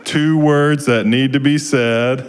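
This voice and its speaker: A man from Georgia in the US, a minister leading a children's story time in a service, who talks gently and keeps asking the children questions. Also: medium pitch, steady tone, slow pace. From Georgia, USA. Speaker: guest minister.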